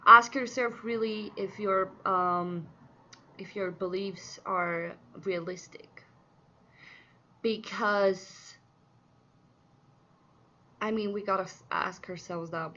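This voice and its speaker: A woman doing a casual tarot card reading, chatty and earnest, with many fillers and sudden excited outbursts. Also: mid-range voice, muffled recording. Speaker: tarot reader.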